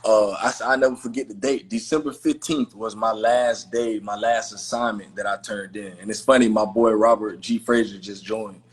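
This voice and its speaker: A man's voice: lowish voice, steady tone, moderate pace, hardly any pauses, breathy edge. A man hosting a podcast in casual conversation, talking in an emphatic, heartfelt way with lots of slangy fillers. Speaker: podcast host.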